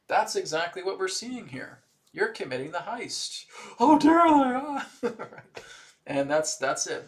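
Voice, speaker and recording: A man hosting a live tarot reading stream, talking in an animated way and often mocking others in put-on voices. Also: medium pitch, vocal fry. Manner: animated, mocking impressions, frequent laughs. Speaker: tarot reader host. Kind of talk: live-stream spiritual commentary.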